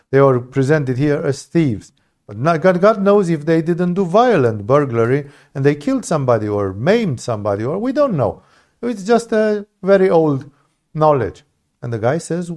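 A man teaching scripture in a loose, conversational way, with a voice of middling pitch. He presses hard on his points and often circles back to restart a phrase. It sounds like an informal Bible study lesson. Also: expressive, normal speed, a little mellow.

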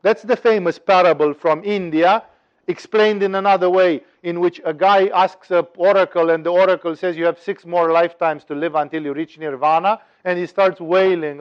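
A man's voice: high-pitched, steady tone, normal speed. Man teaching with wry humor, lo-fi. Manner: storytelling with wry humor, voices in parables. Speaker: spiritual teacher. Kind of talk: satsang teaching talk. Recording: dull lo-fi recording.

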